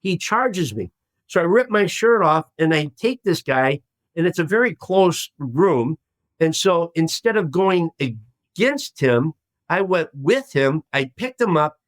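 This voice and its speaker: Animated older man telling a story. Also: on the high side, a little slow, no echo. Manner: animated storyteller acting out quoted voices. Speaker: guest, former hostage. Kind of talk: storytelling in a podcast interview.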